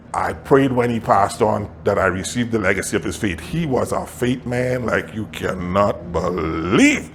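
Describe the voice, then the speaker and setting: A male pastor telling a story in a sermon, animated, often laughing and acting out what people said. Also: lowish voice, vocal fry, a little hiss or hum.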